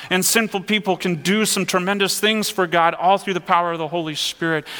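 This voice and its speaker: Earnest pastor with a bright voice. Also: male voice, high voice, in a large hall. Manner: earnest, conversational preaching with rhetorical questions. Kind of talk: sermon.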